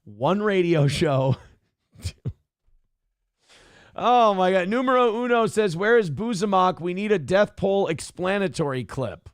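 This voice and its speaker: A man with a somewhat high voice hosts a live show and reads viewer donations aloud. He sounds exasperated and laughs often. His voice is close and dry, with almost no room sound. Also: expressive, a little slow, long pauses, smooth, no room sound. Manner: exasperated, laughing, swears freely. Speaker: radio show host reading viewer donations. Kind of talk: casual live-stream talk.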